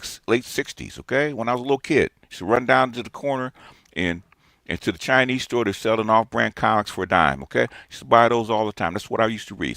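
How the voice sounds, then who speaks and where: A man's voice: on the low side, a bit bright, no room sound, clean studio sound. A man in his sixties gives a ranting, lecturing response monologue as a streamer, emphatic and repeating his points. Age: 60s.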